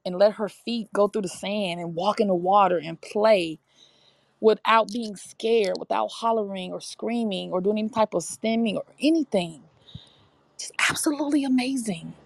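A woman's voice: mid-range voice, vocal fry, dry recording. A woman guest talking enthusiastically in a casual interview, full of fillers and restarts. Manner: enthusiastic, chatty, many fillers. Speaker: interview guest, brand ambassador. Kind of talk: casual testimonial chat.

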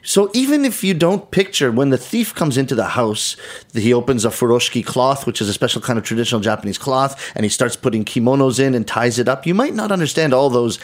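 A man's voice: mid-range voice, animated, fast. A middle-aged man, a guest storyteller on a podcast, explaining things thoughtfully and often restarting his sentences. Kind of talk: conversational podcast interview.

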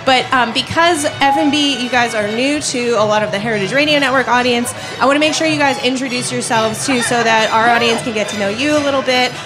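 A woman's voice: fairly high pitch, fairly quick, hardly any pauses, music in the background, poor audio. A woman hosting a live radio broadcast at a festival, enthusiastic with lots of ums. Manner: enthusiastic, many fillers. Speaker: radio host. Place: festival tent.

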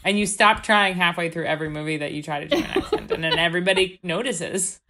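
A young woman co-hosts a podcast in loose, animated conversation. Her voice sits a little low but has a bright, forceful edge. She exclaims readily and swears freely. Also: fast. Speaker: podcast co-host. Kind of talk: casual chat.

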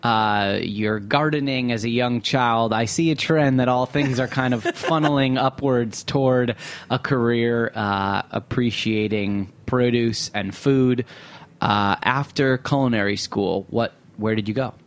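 A man's voice: medium pitch, fairly even intonation, unhurried. A man hosting an interview show, asking curious, stacked follow-up questions in a conversational way. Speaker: podcast host.

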